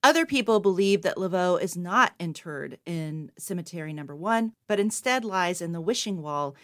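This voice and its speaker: A woman co-host reading a scripted history segment in an even, matter-of-fact way. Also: fairly low pitch, normal speed. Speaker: podcast co-host.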